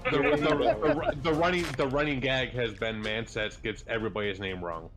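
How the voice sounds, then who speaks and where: A man at a tabletop game, joking and teasing the others in an easy, mid-pitched voice. Clear music plays behind him. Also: steady tone, moderate pace. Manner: teasing, jokey. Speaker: player. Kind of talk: casual game chat.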